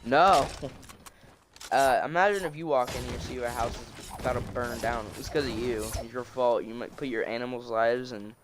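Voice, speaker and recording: A man's voice: medium pitch, fairly even intonation, brisk, few pauses. Young man rambling through a storytime. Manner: rambling, many restarts and fillers. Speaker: storytelling vlogger. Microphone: phone screen recording.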